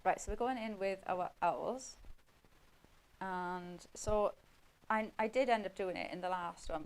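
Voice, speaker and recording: A woman's voice: lowish voice, poor audio. A woman giving a chatty running commentary while demonstrating a craft on live TV.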